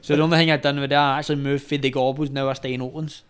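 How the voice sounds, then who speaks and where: A man's voice: mid-range voice, little pitch movement, very fast, fairly bright tone, clear, resonant tone. A young Glaswegian man, a former boxer, telling a story in casual, sweary chat, laughing as he goes. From Scotland. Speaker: podcast guest, former boxer.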